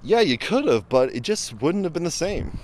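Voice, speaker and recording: This roadside film review comes from a man speaking at an ordinary speed in a rather high, highly animated voice. He rambles casually with plenty of fillers and restarts while cars pass behind him.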